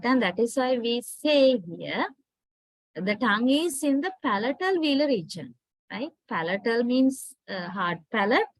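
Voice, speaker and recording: A woman's voice: a little high, no echo, rough recording. A woman from Sri Lanka with a Sri Lankan English accent, giving a classroom lecture and often checking that students follow with "right?". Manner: explanatory, keeps checking understanding with "right?". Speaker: university lecturer.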